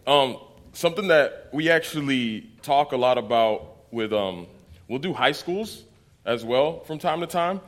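A young man preaching casually to a congregation, telling stories with laughter and lively quoted voices. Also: medium pitch, measured pace. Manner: casual, animated storytelling with laughs. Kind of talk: sermon with testimony.

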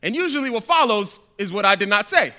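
Preacher, male, high bright voice, chatty and teasing, sermon in a church. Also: animated, fast. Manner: conversational and playful with the congregation. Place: church hall.

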